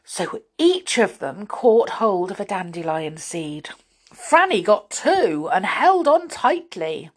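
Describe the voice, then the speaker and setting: A woman reading a children's storybook aloud as the storyteller, in an expressive, lively way. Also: medium pitch, slow.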